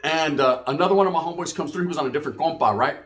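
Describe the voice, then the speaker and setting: High-pitched streetwise storyteller man. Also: racing, a bit bright. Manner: streetwise slang, acts out dialogue, frequent "you know what I mean". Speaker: storyteller recounting prison life. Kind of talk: casual storytelling.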